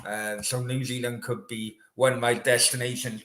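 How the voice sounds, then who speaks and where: A man's voice: mid-range voice, flat delivery, moderate pace, hardly any pauses, a bit bright, echoey room. A man hosting a casual live chat with viewers, chatty and rambling. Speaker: host. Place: room in Australia.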